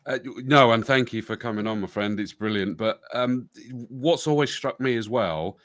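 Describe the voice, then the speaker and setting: A man's voice: medium pitch, normal speed, a bit bright, no echo, studio quality. A British man hosting a podcast, chatting casually with a jokey, self-deprecating manner. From Britain. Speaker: podcast host.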